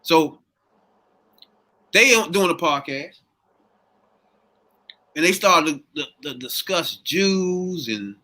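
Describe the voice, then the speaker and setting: A man hosting a casual podcast chat, telling the story in an animated way and steering the topic. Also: on the high side, slow pace, long pauses.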